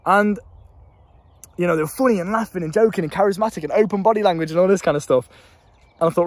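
A man's voice: sits high, fast talker, long pauses, dry recording. A young British man and life coach, talking casually to a handheld camera, swearing freely and rambling.

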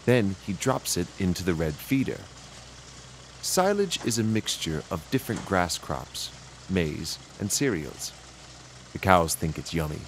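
A man's voice: deep voice, big pitch swings, measured pace, a little hiss or hum. A man narrating a children's video, pointing things out to young viewers in a sing-song way.

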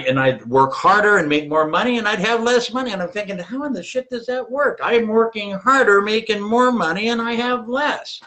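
A middle-aged man delivers a punchy motivational monologue and swears casually as he drives his points home. His voice sits a little high and has a bright, forceful edge. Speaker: host of a personal finance show.

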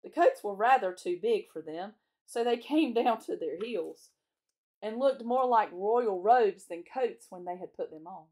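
A woman, a children's chapel teacher, reading a storybook aloud in a gentle, clear way. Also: medium pitch, lively intonation, a little slow.

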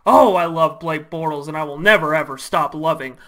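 A man's voice: on the high side, fairly quick, sharp tone. A man playing a devoted male fan who defends his favorite quarterback with gushing insistence. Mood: defensive.

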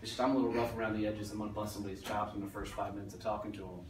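Speaking very fast in a lowish, flat voice, a motivational speaker addresses a business audience in a meeting room, blunt, joking, and casually profane. Background noise and distant, roomy echo fill the recording.

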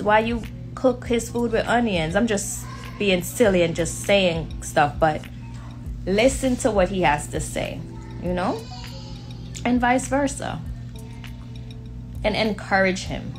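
A woman with a Jamaican accent chatting casually to viewers, blunt, outspoken and playful. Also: medium pitch. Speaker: vlogger talking to viewers. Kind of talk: casual chat.

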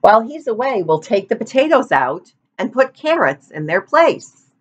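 This is a clever young boy , voiced by a woman reading a storybook aloud, eager and sure of himself as he lays out his plan. The voice sits higher and sings up and down. The recording sounds dull and lo-fi. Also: very animated, moderate pace, breathy edge.

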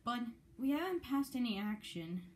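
A woman's voice: on the high side, sing-song, normal speed, a little mellow. A woman voicing a cheerful, eager male train engine in a toy story. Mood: friendly.

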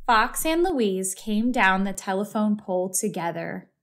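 A woman reading a children's picture book aloud with slow, clear storytelling. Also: mid-range voice, expressive. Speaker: storybook reader.

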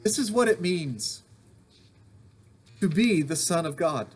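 A man's voice: on the high side, sing-song, slow pace, breathy edge. A male pastor giving an earnest, emphatic sermon recorded at home, returning to repeated refrains. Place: home during a thunderstorm.

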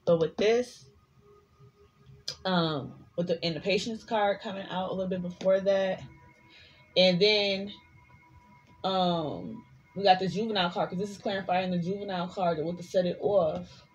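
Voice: medium pitch, steady tone, moderate pace, pauses often, highs cut off, soft background music. A tarot reader giving a casual collective reading, chatty and sassy, swearing freely and rambling between the cards.

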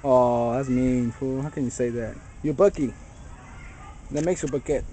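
A man's voice: medium pitch, moderate pace, warm tone, slight background noise. A man bantering with a friend, ribbing him and playing mock-offended between laughs. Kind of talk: casual joking banter among friends.

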